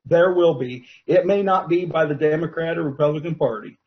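A man's voice: on the high side, fairly quick, highs cut off, heavy background noise. A man on a talk show speaking in an earnest, emphatic way and repeating key words.

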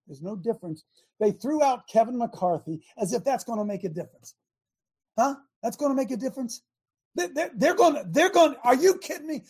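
A middle-aged man hosting a fiery preaching talk show, speaking emphatically and often rising to shouts. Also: very high-pitched, expressive, fairly quick.

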